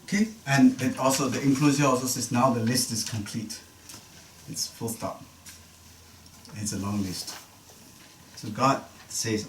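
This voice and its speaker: A man's voice: medium pitch, animated, measured pace. A man teaching an unscripted Bible study class, explaining a passage with repeated phrases for emphasis and the odd joke. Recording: roomy live class recording from a distance, faint noise.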